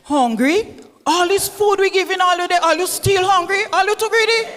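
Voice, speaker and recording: A man playing a fussy mother, shrill. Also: expressive, moderate pace, full character voice. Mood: indignant. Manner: loud, exasperated, repeats herself. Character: scolding Caribbean mother, loud and fussy. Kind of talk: stage comedy skit. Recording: reverberant hall stage sound.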